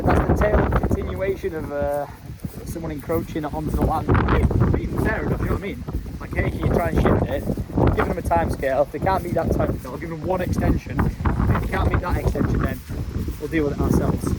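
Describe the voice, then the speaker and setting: A man's voice: on the high side, steady tone, fairly quick, very noisy. A man, chatting casually through a home vlog and cheering on his toddler. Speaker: vlogger.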